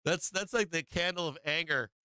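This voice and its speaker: A man hosting a live trading stream, swinging between loose joking banter and calmer market talk, laughing often and swearing freely. His voice is bright and crisp, sitting a little high for a man. The sound is close and dry, with no room around it. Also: normal speed, no room sound. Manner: profane, joking, laughs often, animated bursts. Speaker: stock market livestream host. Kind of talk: casual live trading commentary.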